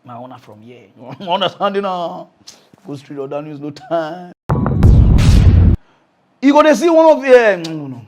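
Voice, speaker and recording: A man with a Nigerian Pidgin accent, hosting a mock news comedy show as an animated, laughing ranter who swings between shouting and muttering. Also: high-pitched, normal speed, long pauses. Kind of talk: comic pidgin rant.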